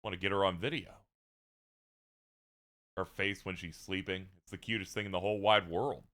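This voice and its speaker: A man doing a doting gentle professor-father. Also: low-pitched, steady tone, moderate pace. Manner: doting, tender. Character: gentle devoted male professor and new father.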